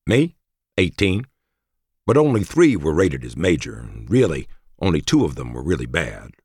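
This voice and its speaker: A man's voice: rumbling low, very animated, moderate pace, a little mellow, husky, no room sound, studio quality, heavily acted. A man reading an audiobook and voicing a talkative, plain-spoken veteran male warrior. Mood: matter-of-fact. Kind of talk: audiobook character voice.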